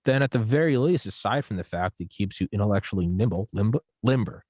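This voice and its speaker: This podcast guest talks briskly in a fairly low voice, recorded without echo. In the casual conversation he rambles on, curses freely and animates his points with acted-out examples.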